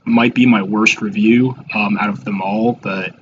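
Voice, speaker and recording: A man in his twenties giving casual, rambling and self-deprecating reaction commentary, halting with many fillers and restarts. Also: fairly low pitch, steady tone, lo-fi sound, a little hiss or hum. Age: 20s. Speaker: YouTuber reacting to his old videos.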